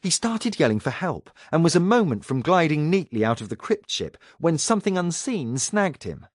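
A man reading science fiction narration aloud in a dramatic, expressive way. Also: fairly high pitch, normal speed, no room sound, clean studio sound. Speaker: audiobook narrator. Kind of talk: scripted narration.

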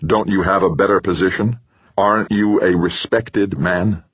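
A man voicing a smooth, coaxing male boss. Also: deep voice, steady tone, normal speed, no echo, dull audio, pitched above the performer's own voice. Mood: lecturing. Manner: coaxing, persuasive. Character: smooth, manipulative male administrator.

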